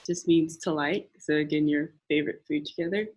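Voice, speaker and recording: A young woman presenting a classroom lesson, speaking patiently and repeating phrases slowly for learners. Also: sits low, steady tone, a little mellow, husky. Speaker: language and culture presenter. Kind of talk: classroom teaching.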